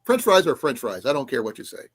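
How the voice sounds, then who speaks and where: A man's voice: medium pitch, sing-song, quick pace, breathy edge, no room sound. A man co-hosting a casual podcast chat, rambling and laughing often. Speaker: co-host.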